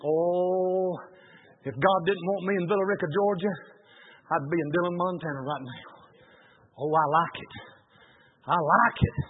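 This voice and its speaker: High-voiced preacher, tinny sound. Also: male voice, steady tone, moderate pace, long pauses, slight background noise. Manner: folksy, colloquial storyteller. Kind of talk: storytelling sermon. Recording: narrow phone-like sound.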